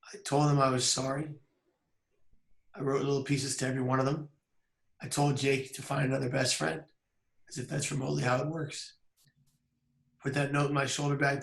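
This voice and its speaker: A man in his thirties tells a personal story outdoors, earnest and measured, pausing between thoughts. His voice stays mid-pitched and fairly flat in melody. The sound carries a roomy echo. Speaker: public speaker. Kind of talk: personal story told on camera. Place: outdoors by a bridge.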